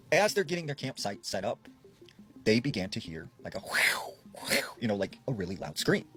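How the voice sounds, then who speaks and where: Low-voiced man telling creepy stories. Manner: relaxed retelling, quoting people in a lowered voice. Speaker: storyteller. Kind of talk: casual spoken storytelling.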